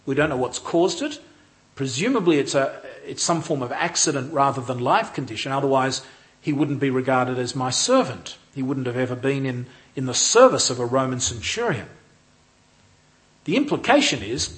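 A man giving a measured, explanatory lecture as a Bible teacher, with occasional restarts. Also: medium pitch, sing-song. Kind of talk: lecture on a Gospel passage.

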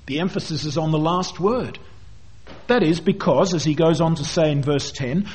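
A man teaching through a Bible passage verse by verse, with an expressive delivery that drops low at the ends of phrases. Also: moderate pace, breathy edge. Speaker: preacher.

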